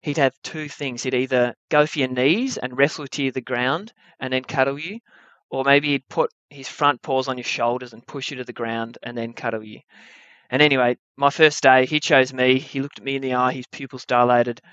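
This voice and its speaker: A man's voice: medium pitch, normal speed, no room sound, dull audio. Wry young man telling a story. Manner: wry, animated storytelling with comic timing. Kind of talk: live story-slam storytelling.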